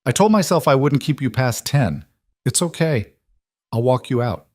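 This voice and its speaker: A man voicing a middle-aged mafia boss who speaks in a quiet, measured, reflective way. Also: mid-range voice, lively intonation, no room sound, clean studio sound, voice pushed up, lightly acted. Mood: calm.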